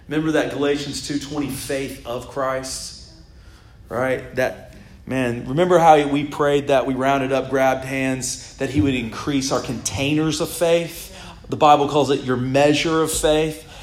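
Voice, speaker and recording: A middle-aged man preaching a sermon as pastor, in a casual, animated way with laughs and sudden shouts. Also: mid-range voice, a little slow, echoey room. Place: church sanctuary.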